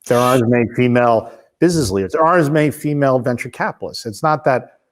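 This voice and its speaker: A man's voice: medium pitch, racing. A man in his fifties hosting a podcast interview, talking casually and restarting his sentences as he thinks aloud. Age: 50s. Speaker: podcast host.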